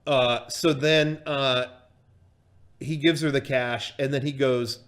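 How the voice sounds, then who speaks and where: A man's voice: medium pitch, steady tone, slow, fairly bright tone. A man casually telling a story on a livestream, swearing freely and full of fillers and restarts. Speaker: streamer and storyteller.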